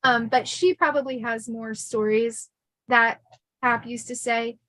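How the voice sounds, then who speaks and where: Middle-aged woman chatting about her childhood, fairly high voice, lots of fillers, dry close sound. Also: fairly even intonation, unhurried, a bit bright, dry recording, low-quality recording. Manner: chatty, laughing, many fillers and restarts. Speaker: podcast host telling her life story. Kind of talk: casual storytelling chat.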